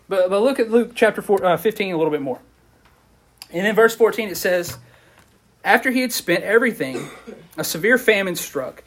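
A man's voice: high-pitched, a little hiss or hum. A man, preaching a casual sermon and asking the audience questions as he goes. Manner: conversational, asks the audience questions, animated. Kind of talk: casual sermon to a youth group.

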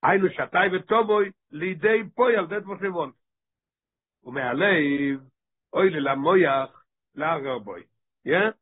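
A male teacher leading a text study class, reading passages rapidly and then explaining them with frequent rhetorical questions. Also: on the high side, expressive, husky. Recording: tinny phone-like line.

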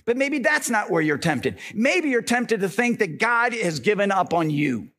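A male pastor giving an energetic, conversational sermon, often checking in with the congregation. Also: high voice, normal speed.

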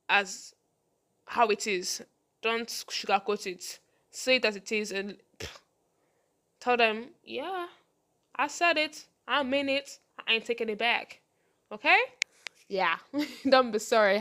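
A young woman hosting a casual advice podcast, talking fast and laughing often. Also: on the high side, pushed and bright. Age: young adult. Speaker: podcast host.

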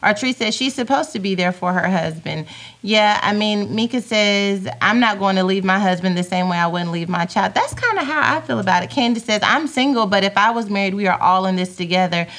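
A woman's voice: mid-range voice, expressive, a little fast, fairly bright tone. A woman hosting a podcast from home, chatting casually and reading out viewer comments. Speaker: podcast host. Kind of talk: casual live-stream chat reading comments.

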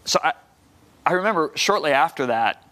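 A middle-aged man, a guest minister, telling a personal testimony on a talk show, acting out the dialogue and rising loud when emphatic. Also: fairly high pitch, expressive, normal speed. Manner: acts out quoted dialogue.

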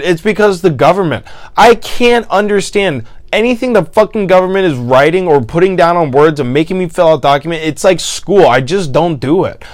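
A young podcast host with a smooth voice rants in a casual monologue, recorded dry. He's exasperated and profane, veering between loud outbursts and low mutters.

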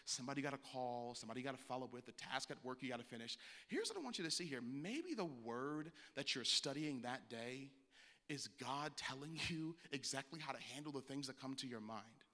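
A man's voice: medium pitch, animated, brisk, pushed and bright. A man preaching a sermon as pastor, talking to the congregation in a conversational, plainspoken way. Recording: long reverb of a church hall.

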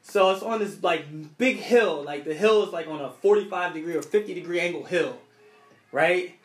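A man's voice: high voice, normal speed, echoey room. A young man casually telling a story from his childhood, rambling and restarting his sentences often.

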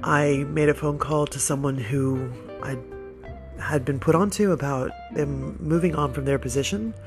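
A man hosting a podcast, telling a personal story in a casual, rambling way, with self-deprecating asides and soft laughs between thoughts. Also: fairly high pitch, moderate pace, gravelly, over music. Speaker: podcast host.

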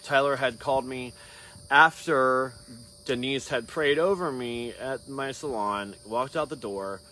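A man's voice: medium pitch, measured pace, bright, forceful tone, a little hiss or hum. A hairstylist man talking casually to his camera, rambling through a long story with many tangents and restarts.

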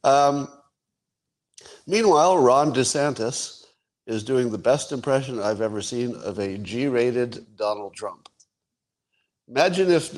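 A man in his sixties hosting his own podcast, musing wryly in casual solo commentary with chuckles and sudden jumps in pitch for emphasis. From United States. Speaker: podcast host.

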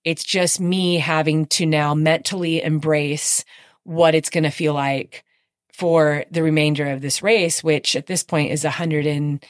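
A woman in conversation, recounting an endurance race in a casual, animated storytelling manner with frequent fillers and quick emotional bursts. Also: low voice, no room sound, studio quality. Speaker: podcast guest recounting her race.

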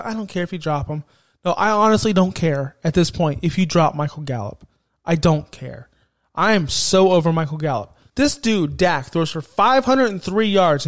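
A man hosting a podcast, ranting emphatically and swearing about fantasy football picks. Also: sits high. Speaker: podcast host.

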